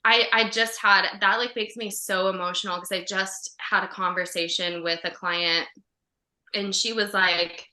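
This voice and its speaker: A woman's voice: medium pitch, fairly even intonation, measured pace, sharp tone, echoey room. A woman co-hosting a podcast, chatting in a heartfelt way with lots of fillers over a video call. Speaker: podcast co-host. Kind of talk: casual podcast chat.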